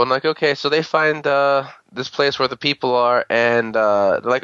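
A man's voice: mid-range voice, moderate pace, a bit bright, clear, resonant tone, no echo, dull audio. A man on a podcast recapping a show episode in a rambling, crude casual way, full of fillers and quoted lines. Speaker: podcast host.

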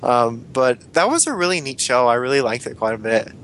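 A young man in casual chat, rambling and swearing lightly as he talks. His voice is bright and forward. A faint rumble sits behind him. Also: animated, brisk. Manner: rambling, swears, laughs often.

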